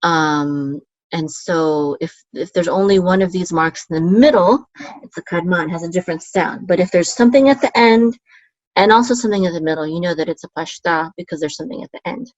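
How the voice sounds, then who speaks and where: A woman teaching a Hebrew lesson, explaining patiently with many fillers and chanting words slowly. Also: lowish voice, dry recording. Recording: dull, lo-fi sound.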